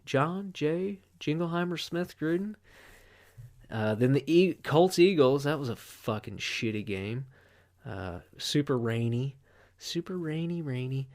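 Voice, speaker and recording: A man's voice: fairly high pitch, a little mellow. A man hosting a podcast, chatting casually and rambling through sports scores and a profane anecdote. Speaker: podcast host.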